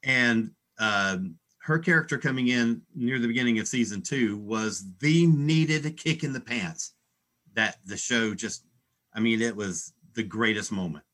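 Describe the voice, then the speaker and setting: A man's voice: mid-range voice, a little slow, fairly bright tone. A man in a casual chat, giving strong opinions emphatically.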